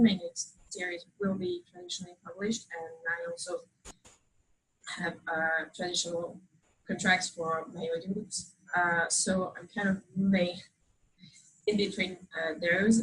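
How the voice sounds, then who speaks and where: Low-voiced French-accented woman speaker. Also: a bit bright, low-quality recording. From France. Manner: hesitant, many pauses, wry humor. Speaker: author giving a talk. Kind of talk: informal speech to an audience. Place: event hall with live audience.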